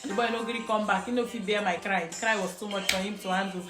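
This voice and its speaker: A Nigerian woman telling a personal story in casual, animated talk, laughing often and mixing in pidgin. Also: mid-range voice, quick pace. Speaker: vlogger. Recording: echoey room with music behind.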